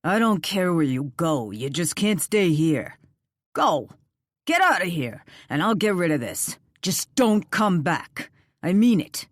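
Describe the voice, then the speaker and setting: Woman doing angry commanding man, low voice, lively shouting, dry studio sound. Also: moderate pace, no room sound. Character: angry demanding man confronting a stranger. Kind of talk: audiobook character voice.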